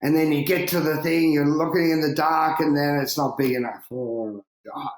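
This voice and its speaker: A man, a big-wave surfer, telling stories in a casual interview, lively and swearing freely, laughing and acting out what people said. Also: a little high, moderate pace. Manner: animated, swearing, laughing, acts out quotes. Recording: roomy echo.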